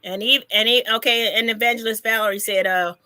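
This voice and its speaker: High, bright-voiced teasing woman comedian. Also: fairly even intonation, brisk, clean tone, no echo, studio quality. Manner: brassy, teasing, repeats herself for emphasis. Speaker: comedian hosting a live chat. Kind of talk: casual live-stream chat.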